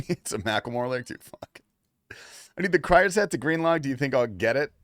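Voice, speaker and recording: Animated, foul-mouthed male gaming streamer. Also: mid-range voice, a little fast, dry recording, soft background music. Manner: loose and profane, reacting to gameplay and chat; shifts between mumbling asides and excited outbursts. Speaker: livestreamer. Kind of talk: casual gaming livestream chat.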